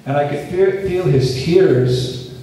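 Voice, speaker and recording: A man giving a scripture lecture at a festival, telling a story in an unhurried, earnest way with quoted dialogue. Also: fairly high pitch, warm tone, a little hiss or hum. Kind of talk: storytelling sermon. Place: festival lecture venue, distant mic. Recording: echoey hall, speaker far from mic.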